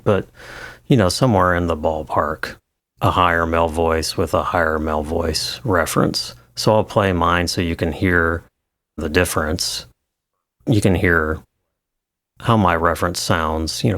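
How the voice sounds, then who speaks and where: Low voiced guy walking through audio software, laid back, lots of ums, dry room. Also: vocal fry, dry recording. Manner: relaxed, hesitant with fillers and restarts. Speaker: audio engineer teaching. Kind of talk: screen-recorded tutorial.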